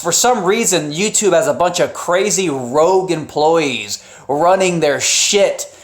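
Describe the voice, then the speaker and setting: A man's voice: on the high side, a little slow. Rambling man streaming live in an echoey room. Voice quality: rambling, with frequent restarts and profanity. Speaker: live streamer and channel host. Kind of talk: casual live-stream commentary. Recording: roomy echo.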